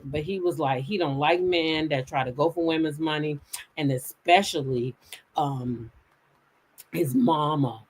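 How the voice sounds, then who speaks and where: Animated, loud woman telling stories. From United States. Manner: animated, profane, quick jumps into loud high quoted voices. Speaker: gossip channel host. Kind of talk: casual storytelling to live chat.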